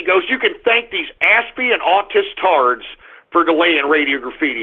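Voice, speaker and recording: A man hosting a radio talk show, ranting aggressively and shouting insults at his listeners. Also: high voice, animated, moderate pace, breathy edge. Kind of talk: angry ranting monologue. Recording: muffled phone-line radio stream.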